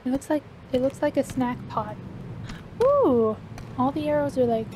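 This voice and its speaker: A woman commenting on her gameplay, gasping often and repeating excited exclamations. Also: high-pitched, normal speed, background noise. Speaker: let's play gamer. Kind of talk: let's play commentary. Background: game music.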